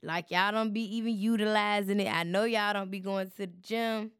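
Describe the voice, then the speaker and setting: Woman, podcast host, preachy casual chat, smooth voice. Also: medium pitch, fairly even intonation, moderate pace, fairly bright tone, dry recording, clean studio sound. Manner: chatty, preachy, addresses listeners as y'all.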